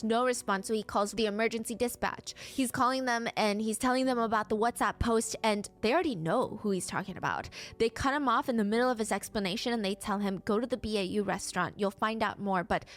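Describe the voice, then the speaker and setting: A woman's voice: a little fast, hardly any pauses, fairly bright tone. A woman narrating a true crime case, acting out the quoted lines with a lifted voice. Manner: acts out quoted lines with rising pitch.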